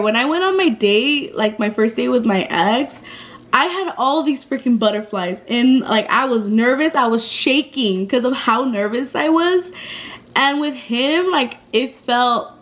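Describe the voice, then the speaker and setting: A woman in her twenties telling a casual storytime vlog in a chatty, slangy way, with lots of fillers and swearing. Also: fairly high pitch. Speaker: vlogger.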